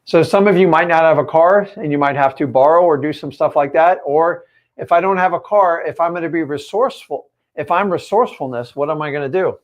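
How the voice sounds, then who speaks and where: Male coach, fairly high voice, punchy emphatic live-stream delivery, lots of rhetorical questions. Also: brisk, highs cut off. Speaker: real estate coach.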